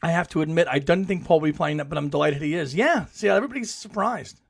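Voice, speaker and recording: Man, middle-aged, podcast host, chatty, high-pitched, gravelly. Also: quick pace. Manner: chatty, laughs often, enthusiastic sports cheering. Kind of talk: live chat reading viewer comments.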